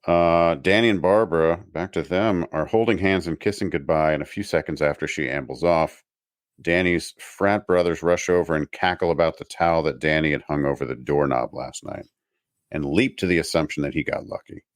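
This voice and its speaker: Deep-voiced guy reading plot notes on a podcast, dead dry mic, deadpan jokes. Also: normal speed, dry recording. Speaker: podcast co-host recapping episodes. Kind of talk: casual podcast chat.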